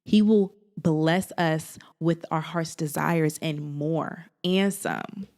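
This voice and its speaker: A woman talking to camera in a casual, encouraging vlog, animated and sassy, like a big sister, often breaking into laughs. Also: low voice, slow. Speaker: faith and lifestyle vlogger.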